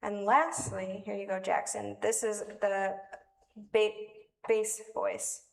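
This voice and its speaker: A woman with a medium-pitched, gravelly voice speaks slowly and with a flat delivery as she leads children's time in worship. Even so, she chats with the kids in a friendly, playful way and laughs softly now and then. The echoey room is recorded from far away with faint noise.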